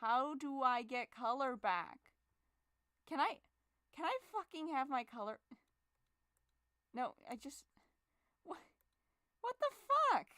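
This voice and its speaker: Young female artist, high lively voice, bright and dry, slow, cursing under her breath; casting note. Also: clean tone, no echo. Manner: swearing, exasperated, muttering to herself. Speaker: digital artist streamer. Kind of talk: frustrated casual talk while drawing.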